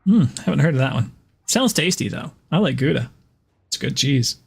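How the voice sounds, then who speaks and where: A man's voice: medium pitch, animated, normal speed, creaky, slightly rough. A man streaming and chatting casually, joking and laughing often. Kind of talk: casual chat.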